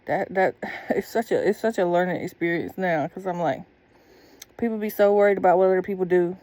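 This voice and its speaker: A woman's voice: on the low side, a little fast, warm tone, no room sound. A woman telling a candid personal story in a blunt, profane, casual monologue. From Southern United States.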